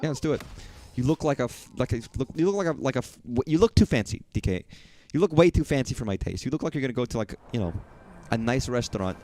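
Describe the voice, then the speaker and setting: A young man from the southern US streams a video game, giving casual let's-play commentary that rambles, swears, and tosses in jokey asides. His mid-range, darkish voice is expressive and fast, with hardly any pauses. Faint game music plays behind him.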